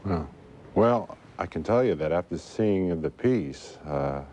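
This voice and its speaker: Low-voiced man, halting studio guest. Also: lively intonation, warm tone, a little hiss or hum. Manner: halting, many fillers. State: stutters. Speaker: guest researcher. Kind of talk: studio interview.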